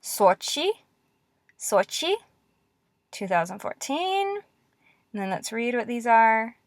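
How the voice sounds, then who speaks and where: A woman teaching Russian letters in a classroom-style lesson, patient and encouraging, repeating words slowly. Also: on the high side, big pitch swings, no echo, studio quality.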